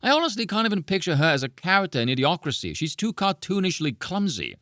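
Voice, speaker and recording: A man delivering a scornful reaction rant with a rather high voice that swings widely up and down. His tone is mocking and exasperated, and the sound is close and dry with no room in it. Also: sing-song, fast talker, bright, forceful tone, dry recording. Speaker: political commentary YouTuber.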